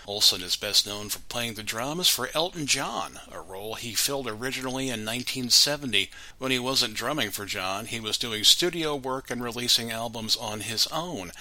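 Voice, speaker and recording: A man's voice: medium pitch, pushed and bright, no room sound, low-quality recording. A man hosting a music show, introducing songs with wry, sarcastic asides in a casual scripted way. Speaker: radio show host.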